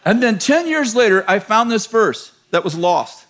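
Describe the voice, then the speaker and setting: A middle-aged American pastor preaching a sermon to a church, telling a story with laughter and self-mocking humor. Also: male voice, sits high, big pitch swings, moderate pace, a bit bright, a faint crowd. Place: large church.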